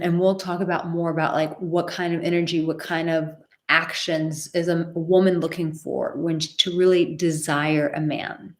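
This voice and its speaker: A woman with a fairly low voice giving dating advice in a live stream. She talks emphatically, hammers points home by repeating words and slips into acted snippets of dialogue. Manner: acts out quoted dialogue. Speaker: dating coach.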